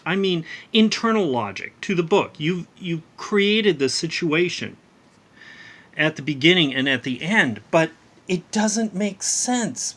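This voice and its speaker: A man giving a casual spoken review of a comic book, exasperated and ranting, with wry laughs and frequent restarts. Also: on the high side.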